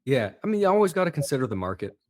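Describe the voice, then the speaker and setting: Male accent coach, mid-pitched, animated storyteller in casual chat. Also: rapid-fire. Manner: animated storyteller, lively asides.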